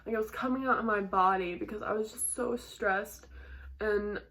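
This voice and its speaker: A young woman vlogger telling a stressful travel story in a chatty, animated way, full of "like" and quick laughs. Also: medium pitch. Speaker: model and vlogger. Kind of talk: casual storytelling to camera.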